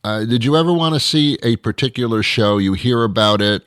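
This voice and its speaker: A man's voice: fairly low pitch, fairly quick, hardly any pauses, a bit bright, no room sound, studio quality. A man hosting a show, delivering an exasperated comedic rant monologue full of stumbling restarts. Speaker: show host.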